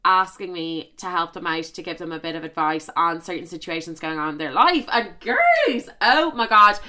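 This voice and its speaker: Bright-voiced chatty young woman gossiping. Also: lowish voice, big pitch swings. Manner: chatty, dramatic, gossipy, fast asides. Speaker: podcast host. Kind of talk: casual gossip chat.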